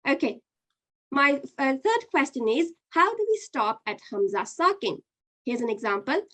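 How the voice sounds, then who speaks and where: A woman's voice: high-pitched, sing-song, normal speed, a bit bright. A woman teaching an online Qur'an reading lesson, patiently explaining step by step and running a quiz.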